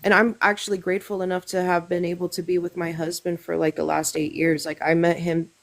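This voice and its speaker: A young woman with a fairly low voice talks openly as a guest on a live talk show. She is earnest and candid. She often stops to restart or fill a gap before going on. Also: level tone, a little fast. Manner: earnest, frank, with frequent fillers and restarts. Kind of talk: candid casual chat.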